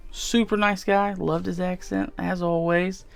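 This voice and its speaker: A man's voice: high-pitched, flat delivery, measured pace, gravelly, clean tone, no echo, soft background music. A man casually chatting through his convention haul in a rambling way, with lots of fillers. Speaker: vlogger showing convention haul. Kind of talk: casual chat.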